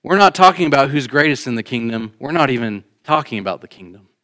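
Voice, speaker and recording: A man preaching a sermon in a church, shifting between emphatic raised lines and quiet, conversational asides. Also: medium pitch, lively intonation, quick pace. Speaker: pastor. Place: church sanctuary.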